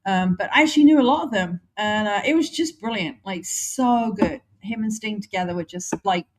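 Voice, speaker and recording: A woman's voice: medium pitch, a little fast. Laughing English woman, co-host banter. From England. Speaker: podcast co-host. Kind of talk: casual chat.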